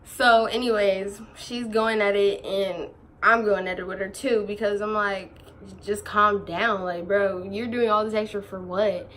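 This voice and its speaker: A young woman in her teens telling a storytime vlog in casual chat, animated, slangy and quick to laugh while she quotes others. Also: medium pitch, slight background noise. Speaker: vlogger.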